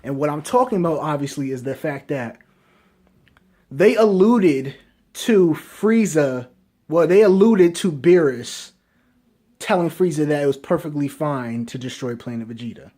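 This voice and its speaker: A man giving casual fan commentary, talking excitedly and asking rhetorical questions over and over. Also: on the high side, unhurried. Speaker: anime reviewer.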